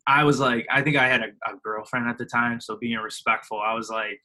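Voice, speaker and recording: A man's voice: mid-range voice, fairly quick, poor audio. A young man in his twenties, a podcast guest, telling stories casually and animatedly, acting out other people's voices and using lots of fillers. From Illinois, US. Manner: animated, acts out other people, heavy filler words, laughs often. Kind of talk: casual storytelling.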